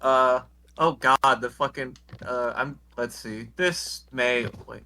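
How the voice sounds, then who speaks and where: A man co-hosting a podcast, casually recapping a wrestling episode from his notes in a profane, deadpan way. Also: mid-range voice, slow, a little hiss or hum. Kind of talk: casual chat.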